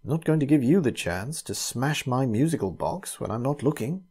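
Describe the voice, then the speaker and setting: A man voicing a sly, smug young gentleman in a spoken ghost story, teasing and lightly mocking. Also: medium pitch, lively intonation, moderate pace, husky.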